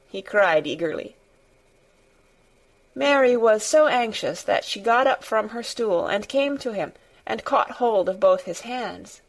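Female audiobook reader, steady storytelling, slow unhurried pace. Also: on the low side, vocal fry. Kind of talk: scripted narration.

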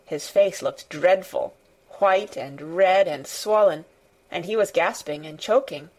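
Woman narrating a storybook slowly. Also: lowish voice, darkish tone. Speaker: reader. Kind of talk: audiobook narration.

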